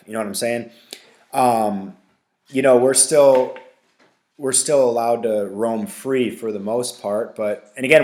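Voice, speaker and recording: Alone on his podcast, this host speaks in a lowish voice with a darkish tone. His casual rant is blunt and full of swearing, padded with fillers and tag questions such as "right?".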